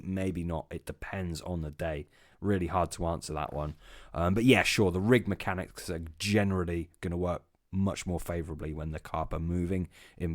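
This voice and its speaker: A man's voice: low voice, no room sound, studio quality. A man co-hosting a casual podcast, talking in a laid-back, rambling way with many ums. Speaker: podcast co-host.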